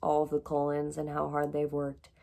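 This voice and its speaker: Low, gravelly-voiced chatty woman vlogger. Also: normal speed. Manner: chatty and excitable, lots of "like" and "literally". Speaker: book vlogger. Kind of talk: casual reading vlog recap.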